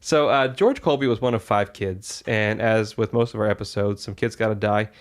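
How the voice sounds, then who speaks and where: A man's voice: fairly low pitch, moderate pace. A man co-hosting a comedy podcast, telling a story in a rambling, jokey way with plenty of filler words. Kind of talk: casual comedic podcast chat.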